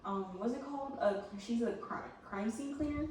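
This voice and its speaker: A woman guest on a podcast who speaks quietly and offhandedly, recorded on a phone from across the room. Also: on the high side, moderate pace, a little hiss or hum. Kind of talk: casual group chat. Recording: echoey room, phone mic from far off, chatter behind.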